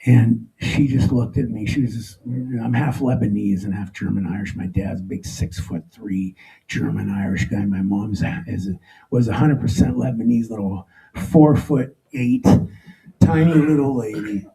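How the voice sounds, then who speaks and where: Middle-aged male storyteller at a live talk, with a dark, gravelly tone and a halting, emotional delivery. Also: on the low side, fairly even intonation, low-quality recording. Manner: emotional, halting, with frequent restarts. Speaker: speaker telling his own story. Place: stage before a live audience.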